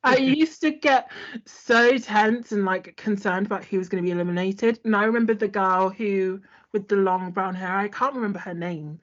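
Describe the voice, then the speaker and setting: A woman's voice: mid-range voice, normal speed, muffled recording. A woman co-hosting a podcast, chatting casually and a bit hesitantly, with lots of filler words. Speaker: podcast co-host. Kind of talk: casual chat.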